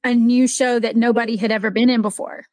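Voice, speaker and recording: A woman co-hosting a casual interview, chiming in with quick, playful remarks. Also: on the high side, flat delivery, no echo. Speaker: podcast co-host. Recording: crowd noise behind.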